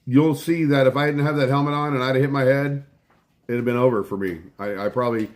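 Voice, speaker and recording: A man's voice: mid-range voice, fairly even intonation, quick pace. A middle-aged man hosting a casual live stream from home, telling a rambling story full of swearing and breaking off to thank viewers. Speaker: livestream host.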